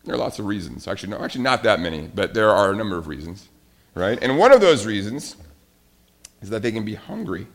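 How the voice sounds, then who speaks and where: Lively storytelling male pastor. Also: on the low side, fast talker, gravelly. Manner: animated storytelling, addresses kids directly. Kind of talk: sermon.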